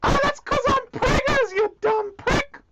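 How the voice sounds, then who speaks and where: Man doing a squeaky crude zookeeper girl. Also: measured pace. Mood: whiny. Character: crude young Australian woman zookeeper, pregnant. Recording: loud background noise.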